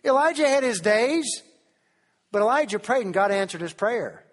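Male preacher, Tennessee, high-pitched, animated sermon full of questions and King James quotes, echoing hall. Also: normal speed.

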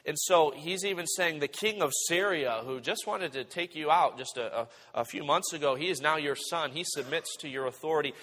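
A man preaching a sermon, retelling the passage in animated storytelling and acting out the characters. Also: on the high side. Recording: reverberant hall.

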